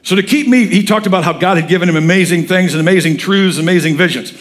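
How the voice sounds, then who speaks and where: A middle-aged male pastor preaching a folksy, animated sermon in a church and quizzing the congregation as he goes. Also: high-pitched, fast talker. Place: church sanctuary.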